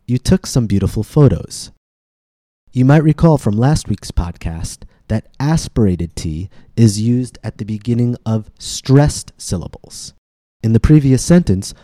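A man teaching pronunciation in a scripted podcast lesson, speaking slowly and clearly to demonstrate sounds. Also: on the low side, dark tone, no room sound, studio quality. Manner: slow, clear demonstrative delivery.

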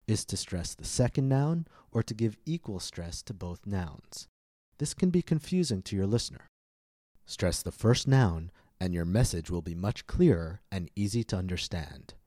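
A man teaching English pronunciation in a scripted podcast lesson, speaking slowly and carefully enunciating. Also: sits low, dark tone, no room sound, studio quality.

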